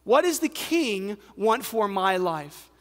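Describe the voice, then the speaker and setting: A man's voice: high voice, big pitch swings, slow, a bit bright. A man with an American accent preaching a sermon as pastor, conversational and emphatic, asking the crowd questions. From United States. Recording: reverberant hall.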